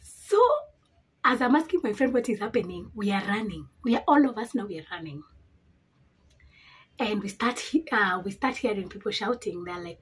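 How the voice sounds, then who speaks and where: Young woman, from Africa, very breathy and raspy, slightly high-pitched, animated storytime chat, beauty vlogger. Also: moderate pace. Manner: animated storytelling with dramatic reactions. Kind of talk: storytime chat while doing makeup.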